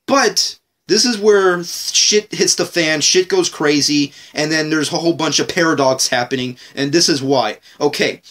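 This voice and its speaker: Excitable swearing man reviewing TV. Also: fairly high pitch. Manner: excitable, swears a lot, rambling with restarts. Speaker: TV show reviewer. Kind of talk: casual spoken review.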